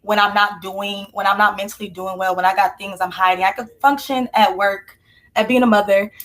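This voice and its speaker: A woman's voice: medium pitch, fairly even intonation, a little fast, a bit bright. A young woman sharing a heartfelt personal faith testimony in an earnest, conversational way. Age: young adult. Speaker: team member sharing testimony.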